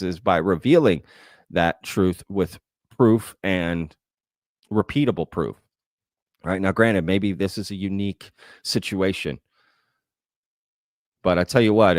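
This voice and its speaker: Low-voiced man hosting livestream. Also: dry recording, clean studio sound. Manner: conversational, thinking aloud with frequent "right?" and "um". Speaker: host. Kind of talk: livestream Q&A, reading chat comments.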